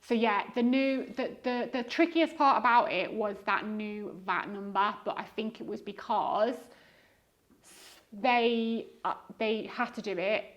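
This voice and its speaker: A woman's voice: on the high side, unhurried, highs cut off. Woman, thirties, light Scouse accent; loose, rambling guest chat full of "like" and "um". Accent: diluted Liverpool (Scouse). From Liverpool, England. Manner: rambling, many fillers and restarts. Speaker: guest eBay reseller. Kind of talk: casual podcast chat.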